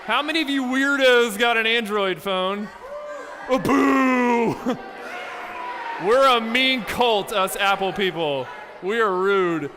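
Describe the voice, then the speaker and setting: A young man giving a youth camp sermon, telling stories with playful asides and lively energy. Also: sits high, unhurried, big-room sound, a crowd in the background, background noise. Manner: animated storytelling with playful asides. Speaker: youth pastor. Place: large hall with a live audience.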